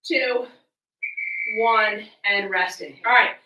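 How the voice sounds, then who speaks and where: A woman's voice: medium pitch, takes it slowly, sharp tone, reverberant, far from the mic, rough recording. A woman fitness coach, out of breath, counting reps and cueing moves while she exercises along in a small room at home. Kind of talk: coaching a live home workout.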